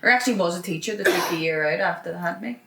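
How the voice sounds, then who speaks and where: A woman's voice: fairly low pitch, rapid-fire, creaky, reverberant, noisy background. A woman hosting a podcast, chatting casually and bantering with her guest. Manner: chatty, reacts with laughter and banter. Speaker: podcast host. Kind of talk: casual chat.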